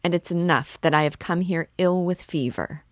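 A ragged, feverish young man stands his ground defiantly, as a woman with a low voice reads him. His pride pushes through his weakness. The sound is dry. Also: moderate pace, no echo, lightly acted. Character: poor young male student, feverish, proud and defiant.

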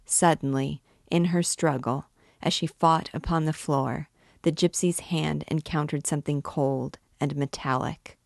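Low, unhurried woman reading a novel. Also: creaky, no echo, clean studio sound. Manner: measured, expressive reading. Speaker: book reader and guide. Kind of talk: reading a classic novel aloud.

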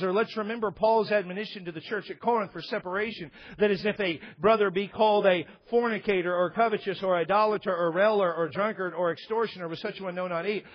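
A man, a pastor preaching a conversational sermon with humor and stammered restarts. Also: high voice. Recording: dull, lo-fi sermon recording.

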